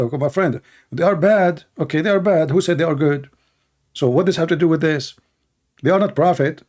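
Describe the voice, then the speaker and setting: A man's voice: mid-range voice, lively intonation, fairly quick, a little mellow. A man hosting a call-in show, talking in a sarcastic, scornful monologue with broken grammar and rhetorical questions. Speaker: show host taking calls. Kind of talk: mocking monologue commentary.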